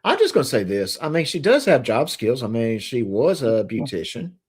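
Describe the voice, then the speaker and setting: Male stream host, casual banter, animated pitch, lots of "uh" restarts. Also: moderate pace, husky. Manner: animated, jokey, many fillers and restarts. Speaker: livestream host. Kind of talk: casual chat.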